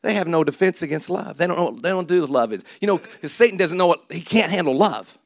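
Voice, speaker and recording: A male pastor preaching a sermon, swinging between loud exhortation and quiet asides with laughter. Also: fairly high pitch, lively intonation, fast talker, no echo, clean studio sound. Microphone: handheld or stage mic.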